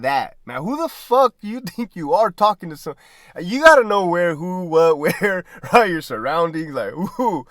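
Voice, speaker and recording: A former prison guard spins his stories in a loose, profane way, breaking into laughter and checking in with "right?". His voice sits a bit high for a man and swings widely in pitch. The sound is dry and close. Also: no echo. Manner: profane, laughs often mid-sentence; animated, asks "right?" constantly. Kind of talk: casual storytelling.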